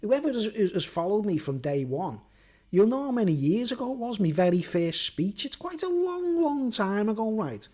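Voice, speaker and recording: A man's voice: high-pitched, sing-song, moderate pace, warm tone. A man talking to camera in a rambling monologue, full of tag questions like "right?" and "you know what I mean?". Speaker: vlogger.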